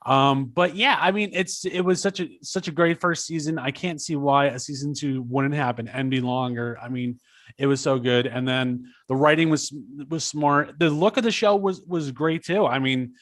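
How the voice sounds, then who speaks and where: A man hosts a casual podcast interview in an affable, chatty way, full of fillers. His voice sits a little high. The sound is dry and close. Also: moderate pace, a bit bright, no echo. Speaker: podcast host.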